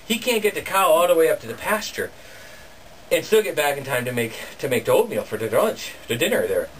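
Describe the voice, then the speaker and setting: A man spins a folktale for a live bookstore crowd, chuckling and punching in sound effects. His fairly high voice swoops up and down with animation. It is picked up from far off, with plenty of room noise. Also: very animated, a little fast. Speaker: storyteller. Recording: distant camera, noisy bookstore.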